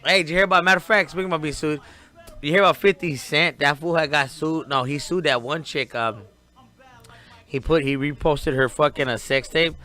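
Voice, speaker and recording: A man's voice: on the high side, brisk. A man in his forties telling profane stories in a casual podcast chat. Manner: profane, animated storyteller. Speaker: podcast co-host.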